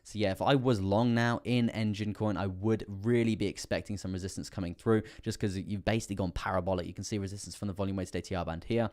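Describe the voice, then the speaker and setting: A young British man with a lowish voice hosts a live crypto stream. He talks through charts in a loose, rambling flow, leaning on fillers and repeated phrases, and his voice sounds a little strained from talking loudly. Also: fairly even intonation, quick pace, hardly any pauses. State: slightly strained voice. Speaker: crypto livestream host. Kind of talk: live trading chart analysis.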